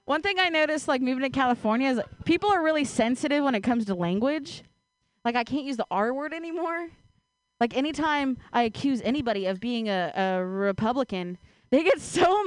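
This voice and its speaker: A woman performing a self-deprecating stand-up set, deadpan, laughing between jokes. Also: high voice, a little fast, no room sound. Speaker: stand-up comedian.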